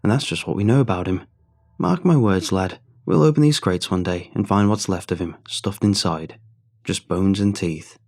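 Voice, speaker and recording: A man voicing Ted, a gruff middle-aged mover who gossips bluntly and ominously. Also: deep voice, normal speed, a little mellow. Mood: gossiping.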